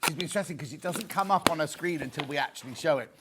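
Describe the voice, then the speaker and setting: This British shopping-channel presenter talks fast in a fairly high voice, with heavy background noise behind him. Live on air, he excitedly chats, bangs on about prices again and again, and jokes with the crew in the studio.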